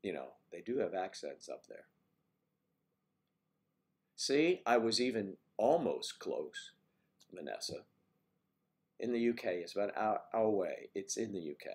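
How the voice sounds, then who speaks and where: Guy doing a laid-back morning stream, kinda low voice, reading chat out loud and joking around. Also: very animated, a little slow, pauses often. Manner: reads viewer names and comments aloud and answers them; easygoing, joking asides. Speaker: livestream host. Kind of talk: casual morning livestream chat.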